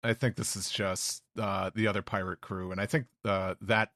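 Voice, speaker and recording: A man's voice: deep voice, steady tone, normal speed, a bit bright, dry recording, studio quality. A male podcast host chatting casually, hesitant and thoughtful. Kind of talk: casual chat.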